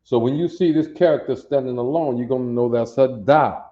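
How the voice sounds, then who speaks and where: A man teaching a language class, sounding out letters and repeating them slowly for students to copy. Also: mid-range voice, warm tone. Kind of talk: classroom lesson, drilling sounds. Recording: roomy, dull lo-fi recording.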